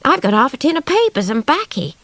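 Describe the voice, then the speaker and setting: A woman voicing a blunt, excitable small boy who talks eagerly and matter-of-factly. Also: fairly quick, no echo. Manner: eager, squeaky, matter-of-fact.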